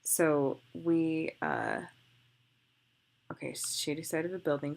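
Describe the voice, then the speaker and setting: A young woman with a low voice and a lot of vocal fry talks through a photo edit as she works. She chats and gushes over the shots and thinks aloud between clicks. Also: fairly even intonation, moderate pace. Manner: chatty, gushing, thinks aloud while clicking. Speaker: photographer demonstrating photo editing. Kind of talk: casual screen-recorded tutorial.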